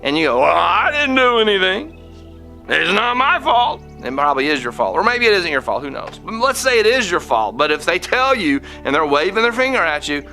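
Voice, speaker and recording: A man's voice: fairly high pitch, very animated, bright, forceful tone, soft background music. A man hosting a podcast, giving a casual spoken lesson, often restarting his sentences and acting out the quoted lines. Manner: halting, many restarts, acts out quoted lines. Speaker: podcast host.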